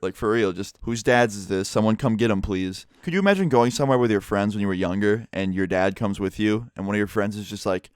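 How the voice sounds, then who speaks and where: Young man, low voice, fast, clear and smooth, dry sound, animated casual storytelling. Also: no room sound. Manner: animated, casual, swears freely. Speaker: vlogger.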